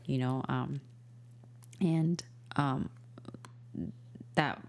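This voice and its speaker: A woman co-hosting a podcast in casual chat, giggly and animated when telling stories. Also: extremely low pitch, drawn-out words, vocal fry.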